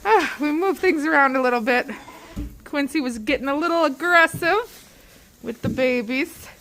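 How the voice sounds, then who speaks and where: High-voiced woman cooing at barn animals. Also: moderate pace, fairly bright tone. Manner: coos at the animals in a sing-song baby-talk voice. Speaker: ranch vlogger. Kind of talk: casual vlog chat while doing chores. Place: outdoors at a windy ranch barn. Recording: wind noise and farm animals. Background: wind and livestock.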